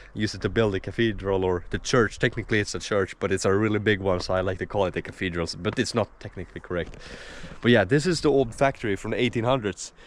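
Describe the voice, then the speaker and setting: A young man narrating his vlog to a handheld camera, chatty and rambling with plenty of fillers. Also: on the low side. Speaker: vlogger.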